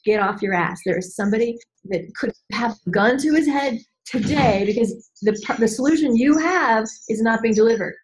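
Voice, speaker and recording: A woman business coach in a candid podcast conversation, animated and emphatic, acting out voices and repeating key phrases. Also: a little high, normal speed, few pauses, poor audio. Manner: animated, acts out voices and inner dialogue.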